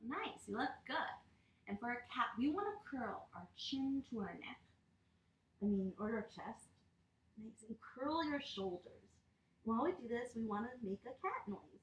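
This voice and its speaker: A woman reading a picture book aloud to children and leading yoga poses, speaking to them in an animated, playful way. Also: a little high, measured pace, highs cut off, slight background noise. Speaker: children's storyteller and yoga teacher.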